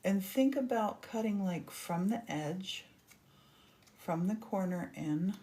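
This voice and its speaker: A woman's voice: medium pitch, lively intonation, slow pace, dark tone. A woman hosting a casual crafting demonstration, chatty and gushing as she works. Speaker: craft host.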